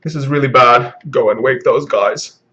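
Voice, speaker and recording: A man doing a mock impression of an overwrought anime dub character, high-pitched and melodramatic. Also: moderate pace, sharp tone, lightly acted. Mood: panicked. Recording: dull lo-fi recording.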